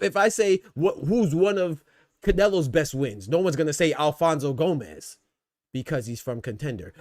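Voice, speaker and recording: A man's voice: mid-range voice, no room sound, clean studio sound. A man hosting a casual livestream, arguing his points and answering chat, repeating phrases to press them home. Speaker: boxing talk show host.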